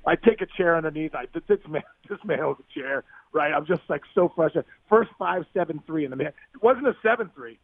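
Fast-talking man on a phone line. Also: a little high, gravelly, dry recording. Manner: animated, tumbling storyteller with repeated restarts. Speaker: guest, former baseball player. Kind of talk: storytelling in a podcast interview.

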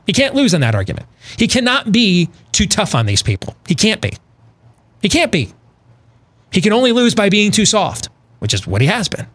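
Male talk host, middle-aged, blunt and emphatic, slightly high voice. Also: huge pitch swings, moderate pace, fairly bright tone. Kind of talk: casual political talk radio banter.

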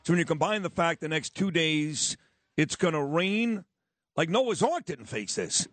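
Male radio host, middle-aged, quick teasing comebacks, a bit high, dry close mic. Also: animated, a bit bright, no echo. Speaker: radio talk show host. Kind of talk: casual radio banter. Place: radio studio.

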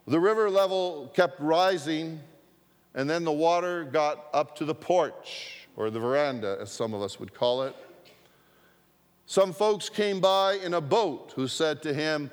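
A man preaches slowly and deliberately, repeating key phrases for emphasis. His voice sits somewhat high for a man. A long hall reverb follows every phrase. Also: clear, resonant tone. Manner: slow, deliberate storytelling with repetition. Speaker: pastor. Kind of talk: sermon.

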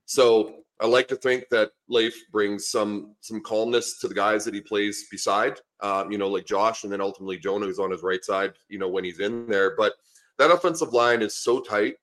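Easygoing middle-aged Canadian man, low voice. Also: normal speed, a bit bright. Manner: easygoing, rambling storyteller with many fillers and restarts. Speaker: podcast guest, former lineman and coach. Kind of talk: casual podcast chat.

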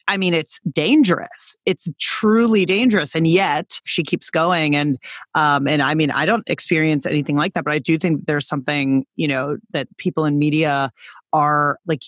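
A woman podcast host talking casually with lots of fillers and restarts, her intonation lively and all over the place. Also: sits low, no room sound, clean studio sound. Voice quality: very lively intonation, wide dynamic range. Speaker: podcast host and voice coach, guest. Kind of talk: casual conversation.

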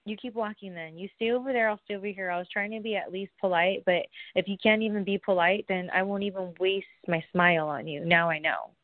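A woman's voice: mid-range voice, a little fast, few pauses, no room sound. Chatty woman on a tinny phone-like recording. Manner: chatty, rambling, lots of fillers and asides, drops to hushed whispers then bursts out. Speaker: wrestler. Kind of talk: casual storytelling vlog. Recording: tinny phone-like, dry sound.

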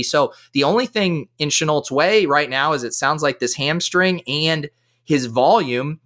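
A young man talking fantasy football as a podcast guest, energetic and analytical, with frequent fillers. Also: a little high. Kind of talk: casual podcast chat.

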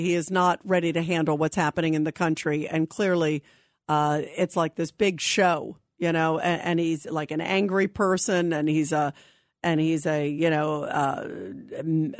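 A woman's voice: on the low side, no room sound, studio quality. A woman hosting a call-in radio talk show, talking in long rambling emphatic stretches full of fillers and restarts.

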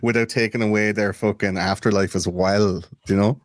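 A young man on a podcast, rambling and swearing as he hunts for the right word. His voice sits on the low side. The sound is close and dry, with no room around it. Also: fairly even intonation, normal speed, no echo. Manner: rambling, swears freely, searches for words. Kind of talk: casual chat.

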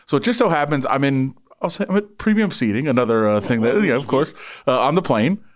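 Telling a long story in relaxed conversation, the man, who is a sports reporter, animatedly imitates the people involved. His pitch is medium and his pace a little fast.

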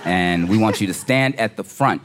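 A middle-aged man with a very low voice, relaxed and rambling as he chats. He talks with plenty of slang, easygoing and unhurried. He's a musician swapping stories on a casual talk show. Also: some chatter behind, a little hiss or hum. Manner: laid-back, rambling, slangy. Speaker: musician, co-host. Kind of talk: casual chat.

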